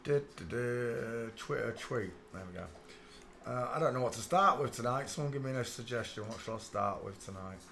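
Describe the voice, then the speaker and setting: A Northern English man hosts a relaxed livestream, chatting easily with viewers. He hums and mutters to himself between remarks, at a mid pitch. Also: brisk, slight background noise. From England. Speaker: livestream host. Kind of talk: casual livestream chat.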